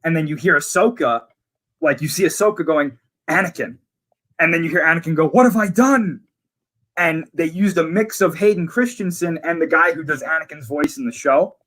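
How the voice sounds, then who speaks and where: A man's voice: fairly high pitch, a little fast, fairly bright tone. A man in casual conversation, eagerly retelling scenes from a series in detail. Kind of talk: casual chat.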